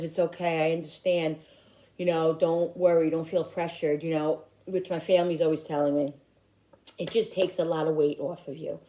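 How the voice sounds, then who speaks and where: A middle-aged woman with a low, dark voice talks to her viewers from her home in upstate New York. A YouTuber giving personal vlog talk, she rambles in a heartfelt way and often restarts her sentences.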